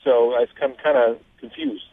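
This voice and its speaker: A man's voice: medium pitch, big pitch swings, moderate pace, vocal fry, husky, no room sound. Man, caller, stammering, unsure, tinny phone sound. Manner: uncertain, stammering.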